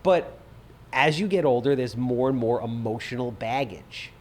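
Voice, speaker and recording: A middle-aged man with a medium-pitched voice speaks at a normal pace. He's a podcast host chatting casually, making blunt, opinionated remarks and swearing freely.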